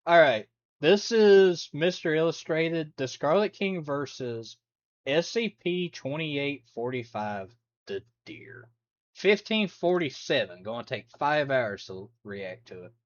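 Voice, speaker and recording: A man's voice: a little high, lively intonation, slow pace, lo-fi sound. A man chatting casually on a live stream while reacting to videos, rambling, laughing and humming along.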